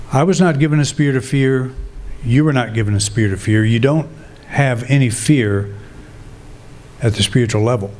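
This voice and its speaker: A man preaching a sermon in a calm, reflective way, thinking aloud and restarting his phrases. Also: medium pitch, a little hiss or hum. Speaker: minister.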